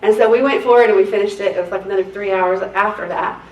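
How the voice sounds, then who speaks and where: A woman, a court reporter teaching a seminar, telling lively, laughing stories between exercises. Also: medium pitch, fast talker, muffled recording. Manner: chatty, laughing, lively storyteller. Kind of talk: casual storytelling lesson. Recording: roomy, distant mic, faint noise.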